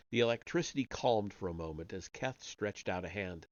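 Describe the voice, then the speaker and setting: Low-voiced man reading a story aloud. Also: normal speed, few pauses, no room sound. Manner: reads character dialogue with only light voicing, occasional slips and restarts. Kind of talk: live-stream story reading. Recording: dull, lo-fi home mic.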